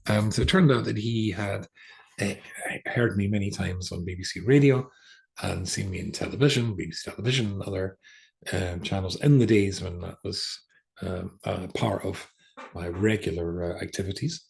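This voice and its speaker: Gravelly older rabbi telling a story. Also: male voice, sits low, normal speed, a little mellow. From England. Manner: chatty, hesitant with many fillers and restarts. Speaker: rabbi teaching a class. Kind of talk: storytelling lecture.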